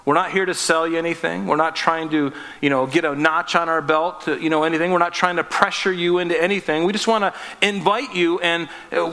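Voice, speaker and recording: A man's voice: fairly high pitch, fairly even intonation, a little fast, few pauses, sharp tone. A man preaching a sermon as pastor, talking conversationally and acting out little dialogues with light humor. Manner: conversational, acts out short dialogues, self-deprecating humor. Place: church sanctuary. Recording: echoey church hall.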